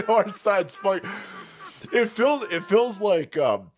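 A man with a high voice hosts a live stream. He rants in crude, heated bursts, and his pitch jumps wildly between low mutters and high yelps. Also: animated, takes it slowly. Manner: crude, heated, swinging into loud outbursts and laughter. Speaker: show host. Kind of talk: profane live-stream political rant.

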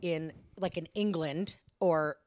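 A woman's voice: sits low, slow, a little mellow, no room sound. A young adult woman co-hosting a podcast, chatting casually with lots of fillers, restarts and giggles. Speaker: podcast co-host. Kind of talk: casual chat.

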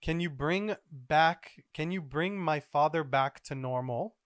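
A man voicing an apologetic male genius scientist who speaks in a measured, formal way. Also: a little high, no room sound, studio quality, lightly acted. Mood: regretful.

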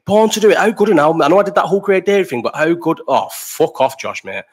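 A man's voice: fairly high pitch, lively intonation, fast talker, slightly rough. A young man with a Bolton accent hosting a casual live stream chat, blunt, sweary and opinionated, jumping from topic to topic. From Bolton, England.

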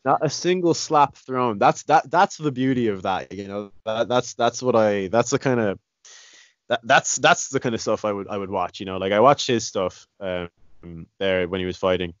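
Here a man with a lowish voice chats casually about fights at a normal speed, rambling, restarting a lot and saying "you know" often. The lo-fi sound is dry and slightly dull, with no echo.

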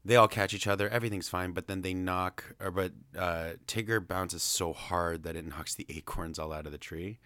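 A man's voice: sits low, steady tone, normal speed, few pauses, pushed and bright, no echo. A man casually recapping a film's plot in a chatty, rambling, amused way. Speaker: film reviewer.

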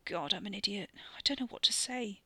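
A man's voice: high-pitched, brisk, bright, forceful tone, breathy edge, no echo, exaggerated voice. A woman voicing an anxious young man who rambles and stammers while guarding his sister.

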